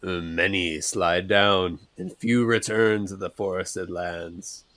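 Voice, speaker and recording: A man's voice: deep voice, steady tone, slow pace, fairly bright tone. A man voicing an enigmatic, shambling hermit hunter who mutters cryptic lines.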